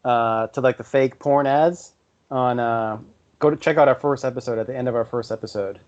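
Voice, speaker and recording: A young man co-hosting a podcast, talking in a relaxed, offhand way and swearing casually. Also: mid-range voice, normal speed. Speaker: podcast co-host. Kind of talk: casual chat. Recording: dull lo-fi podcast audio.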